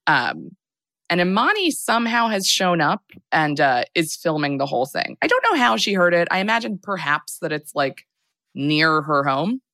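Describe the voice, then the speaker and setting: Young adult woman, podcast host, low pitch, dry sound, rambling, filler-heavy. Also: big pitch swings, normal speed, sharp tone, dry recording. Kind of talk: casual film recap.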